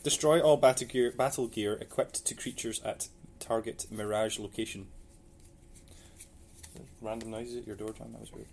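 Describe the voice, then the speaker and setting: A man with a Glaswegian accent co-hosting a casual podcast, talking in a halting way with many ums. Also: on the low side, fairly even intonation, creaky, a little mellow, a little hiss or hum. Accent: Glaswegian Scottish. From Scotland. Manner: halting, full of ums while reading out messages. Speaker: podcast co-host. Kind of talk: casual chat. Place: podcast studio.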